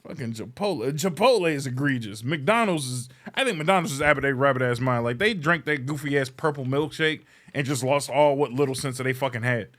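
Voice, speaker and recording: Talking briskly with hardly any pauses, a mid-range-voiced podcast host vents in a loose, funny rant. He curses freely and sounds thoroughly exasperated, complaining with lots of energy.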